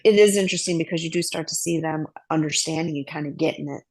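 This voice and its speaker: A woman's voice: low-pitched, fast, a little mellow. A woman in an online group class telling a personal story at length, rambling, with many fillers and asides. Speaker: class participant.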